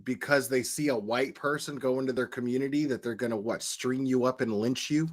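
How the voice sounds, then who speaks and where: A man's voice: medium pitch, steady tone, brisk. A man giving angry reaction commentary, swearing often and stumbling over his words when he gets worked up. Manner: heated, profane, stammering when worked up. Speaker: commentary streamer.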